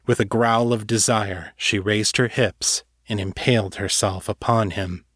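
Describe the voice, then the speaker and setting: Low-voiced male author narrating fiction. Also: fairly even intonation, measured pace, fairly bright tone, husky, no room sound, studio quality. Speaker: author and podcast host.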